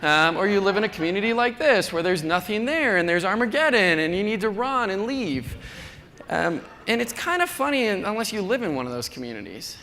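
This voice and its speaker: A man's voice: sing-song, fairly quick, bright, forceful tone. A man in his thirties from North Dakota giving a chatty, self-deprecating conference talk in a large hall. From North Dakota, USA. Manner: chatty, self-deprecating, acts out quoted people in a higher voice. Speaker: conference speaker. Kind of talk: keynote talk. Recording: long hall reverb, faint noise.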